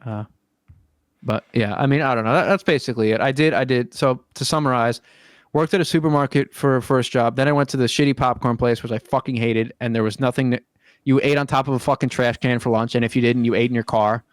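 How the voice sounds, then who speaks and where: A man's voice: medium pitch, steady tone, fast talker, dry recording. Young man ranting casually, dry sound. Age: young adult. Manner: swears often, rambling with many fillers. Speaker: podcast host. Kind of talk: casual chat.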